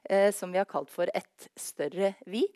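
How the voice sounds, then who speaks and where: A woman moderating a panel talk, speaking calmly and evenly. Her voice sounds dry and close, with no room echo. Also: medium pitch, a little slow. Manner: calm, with quiet backchannel murmurs. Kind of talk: closing remarks and listening.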